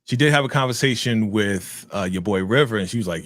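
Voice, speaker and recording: A man's voice: medium pitch, big pitch swings, quick pace, few pauses, a bit bright, no echo. Laid-back, slangy man, dry close sound. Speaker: channel host. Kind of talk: casual chat about a TV show.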